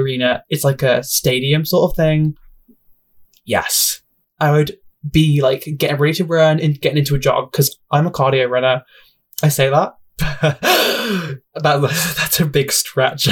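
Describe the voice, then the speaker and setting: A young man hosting a casual solo podcast, rambling and self-deprecating, often laughing at himself, talking into a home mic. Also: a little high. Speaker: podcast host.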